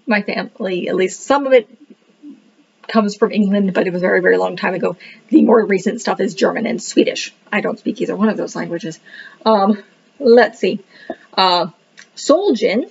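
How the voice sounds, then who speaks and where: In a dull lo-fi recording, a woman with a mid-range, creaky, husky voice casually reviews a book. She rambles with plenty of fillers and pokes fun at herself for being unable to pronounce the words.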